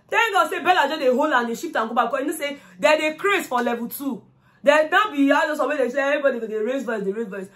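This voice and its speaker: Animated Nigerian woman vlogger, higher voice. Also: fast talker. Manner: animated, switches between English and Pidgin, acts out quotes. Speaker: reality TV recap vlogger. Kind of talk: casual commentary.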